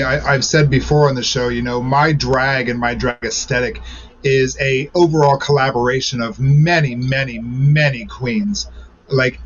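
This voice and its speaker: A man's voice: medium pitch, a bit bright, muffled recording, slight background noise. A man speaking as a drag performer co-host on a video call, earnest, rattling off names. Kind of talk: casual chat.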